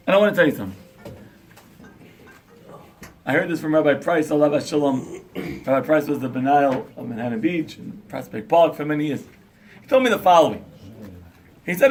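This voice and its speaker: Rabbi lecturing a crowd, higher voice, acts out voices. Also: male voice, fast talker, pauses often. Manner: animated storyteller, acts out dialogue, asks the crowd questions. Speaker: rabbi giving a talk on parenting. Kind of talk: lively sermon to an audience.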